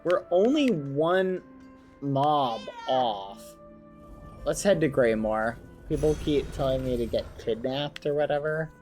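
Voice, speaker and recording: A man's voice: medium pitch, expressive, slow pace, darkish tone. A young man streaming a game and chatting casually with his viewers, telling stories as he plays. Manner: chatty, addresses chat, storytelling. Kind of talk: casual gameplay commentary. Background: faint game music.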